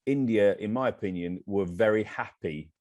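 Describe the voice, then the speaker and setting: Low-voiced blunt man, dry sound. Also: moderate pace, darkish tone, dry recording. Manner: opinionated, blunt, teasing. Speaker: podcast co-host. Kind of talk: casual chat.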